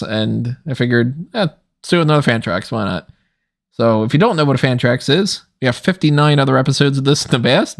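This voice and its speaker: A man hosting a podcast, talking in a rambling, casual way and laughing often, tired late at night. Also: mid-range voice. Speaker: podcast host. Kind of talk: casual commentary chat.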